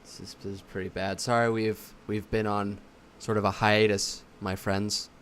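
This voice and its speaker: A man's voice: on the low side, flat delivery, moderate pace, a bit bright, a little hiss or hum. A man co-hosting a podcast in easygoing casual chat, often restarting his sentences and laughing along. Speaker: podcast co-host.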